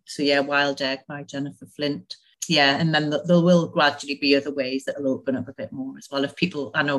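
A woman's voice: sits low, a bit bright. Chatty woman, laughing often. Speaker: author and podcast guest. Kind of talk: casual interview conversation.

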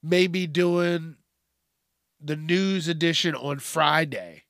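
A man's voice: fairly high pitch, slow, creaky, a bit bright, no echo, studio quality. A man hosting a solo podcast, rambling and swearing, sometimes calling himself by name in the third person. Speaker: podcast host.

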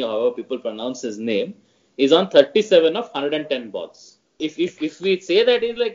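A man speaking as a podcast guest in a casual cricket chat, animated and prone to repeating himself for emphasis. His voice sits a little high. The audio is dull and lo-fi. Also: normal speed.

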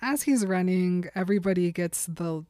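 A woman's voice: on the low side, moderate pace, dry recording, studio quality. Chatty woman recapping a story. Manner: animated retelling with acted quotes and laughs. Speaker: podcast co-host. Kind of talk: casual book recap chat.

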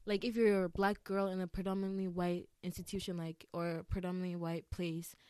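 A woman's voice: fairly low pitch, flat delivery, a little mellow, smooth, no echo, clean studio sound. Chatty young woman hosting a podcast. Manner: chatty, fast storytelling with many fillers. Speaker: podcast host. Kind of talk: casual chat.

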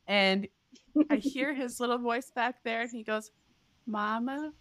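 Animated storytelling woman, dry close mic. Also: normal speed, no echo. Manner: animated storyteller, acts out voices with big pitch jumps. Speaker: podcast co-host. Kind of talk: casual chat, storytelling.

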